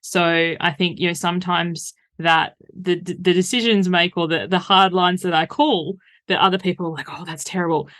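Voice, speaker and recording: A woman's voice: fairly low pitch, fairly even intonation, normal speed, few pauses, fairly bright tone. A woman, a coach talking frankly as an interview guest and breaking into laughter as she tells stories. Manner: straight-talking, laughs while telling stories. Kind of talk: casual conversational interview.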